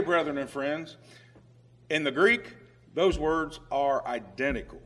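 A man preaching a sermon with emphatic swings in loudness who reads scripture aloud in old-fashioned biblical phrasing. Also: on the high side, takes it slowly.

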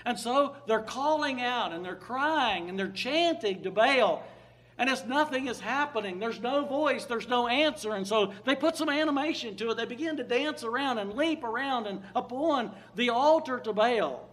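A man preaching a sermon, reading scripture slowly and building to emphatic, loud peaks on key points. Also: extremely high pitch, animated. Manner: dynamic, rising to emphatic peaks on key words.

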